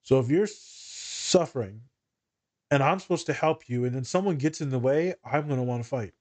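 A man's voice: a little high, normal speed. A man hosting a casual podcast discussion, a social worker telling candid, profane stories. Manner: candid, profane, animated storytelling.

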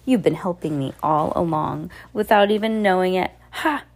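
A growling storybook villain count, scornful and gloating, in a slightly low voice put on by a woman reading the book aloud. He sneers at everyone around him. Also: moderate pace, darkish tone.

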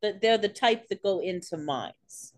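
A sarcastic woman on a podcast, trading dry wisecracks about a show. Her voice swings up and down a lot, so she sounds animated. She is recorded close and dry. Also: mid-range voice, unhurried, no echo. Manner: sarcastic, teasing asides. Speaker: podcast co-host. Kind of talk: casual chat, wisecracks.

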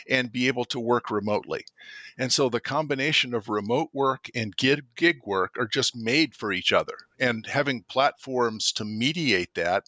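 An older man with a bright, forceful voice makes his case in a relaxed interview, thoughtful and emphatic, often repeating a word as he starts a sentence. The sound is dry and close, with no room around him. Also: medium pitch, no echo. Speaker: author and professor, interview guest. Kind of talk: conversational interview.

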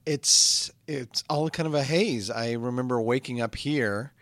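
A man's voice: mid-range voice, no echo. A man playing a comedy podcast host stuck in a hell studio, earnest and easily flustered. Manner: earnest, flustered, quickly excitable. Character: man trapped in a hell podcast studio, cheerful and put-upon. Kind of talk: improvised comedy sketch.

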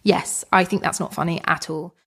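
A woman co-hosting a podcast in casual chat, chatty and animated. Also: on the low side, moderate pace, creaky, breathy edge. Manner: chatty, animated when quoting others. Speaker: podcast co-host.

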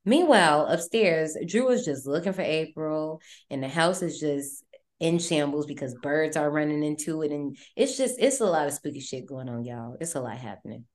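A woman with a lowish voice hosts a podcast, retelling a horror film in loose, chatty slang. She talks animatedly and swears freely. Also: animated, moderate pace, darkish tone. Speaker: podcast host. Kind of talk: casual horror movie recap.

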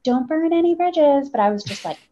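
A woman's voice: high voice, brisk, slight background noise. Woman telling a story with candid swearing. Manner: animated, profane, full of fillers. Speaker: guest journalist. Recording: slightly dull lo-fi audio.

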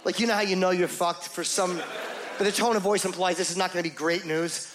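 A middle-aged man telling a crude, self-mocking story in stand-up comedy, rambling and animated. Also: high voice, a little fast, slight background noise.

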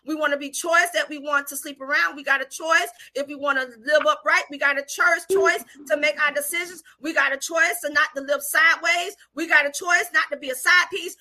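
High, bright fiery woman preacher. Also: fairly even intonation, a little fast, few pauses. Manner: call-and-response preaching, shouting, repeats phrases. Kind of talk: fiery church sermon.

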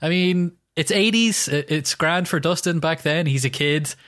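A man's voice: a little high, moderate pace, a bit bright. A man, co-hosting a podcast with wry, teasing quips. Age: 30s. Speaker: podcast co-host. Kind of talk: casual comedic chat.

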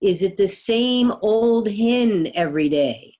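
A woman's voice: medium pitch, expressive, takes it slowly, darkish tone. A woman lightly doing a dry, sly old statesman, folksy, anecdote voice.

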